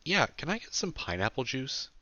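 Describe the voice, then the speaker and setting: A man's voice: mid-range voice, sing-song, moderate pace, bright, forceful tone, no room sound, dull audio, pitched above the performer's own voice. A man voicing a blunt, cheeky young man in an audiobook, offhand and sincere in manner.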